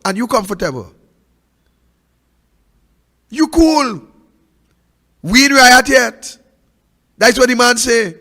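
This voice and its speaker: With a very high-pitched voice and a Trinidadian accent, the host of a political talk show delivers fervent, preachy commentary slowly with frequent pauses. He keeps asking rhetorical questions and moves from loud to quiet, all in a big-room sound.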